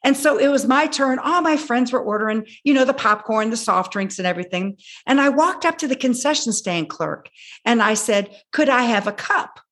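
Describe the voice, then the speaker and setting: A woman in her sixties, a guest telling her personal story with animated delivery, acting out her own past words. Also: fairly high pitch, moderate pace. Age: 60s. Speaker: guest speaker.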